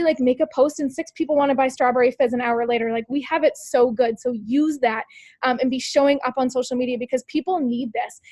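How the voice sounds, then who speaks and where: Woman, motivational team call, upbeat coaching, quick talker, high voice. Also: darkish tone, dry recording. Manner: upbeat, peppy coaching, full of "like" and "you guys"; speaks directly to listeners with rhetorical questions. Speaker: team leader on a sales call.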